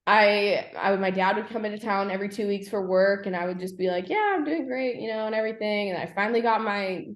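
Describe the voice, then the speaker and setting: Young woman, podcast guest; candid, halting delivery full of fillers; mid-pitched, echoey room. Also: level tone. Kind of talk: personal story in a podcast interview.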